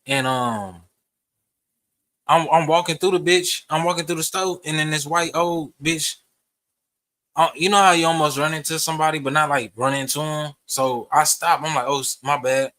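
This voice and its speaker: A man's voice: fairly high pitch, normal speed, bright, forceful tone, no echo. A young man, ranting profanely to camera in a heated, rambling way. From Texas. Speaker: vlogger. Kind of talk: casual rant to camera.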